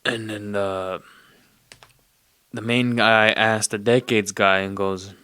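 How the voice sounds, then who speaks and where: Low-voiced man rambling through a story. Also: steady tone, slow, long pauses, bright, forceful tone, clear, resonant tone, no room sound, studio quality. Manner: rambling, profane, streetwise slang. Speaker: podcast host. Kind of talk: casual retelling of a movie plot.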